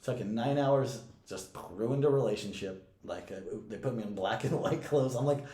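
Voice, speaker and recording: A man's voice: medium pitch, moderate pace, warm tone. A young man and podcast co-host casually telling a story, profane and often laughing. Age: young adult. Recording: echoey room.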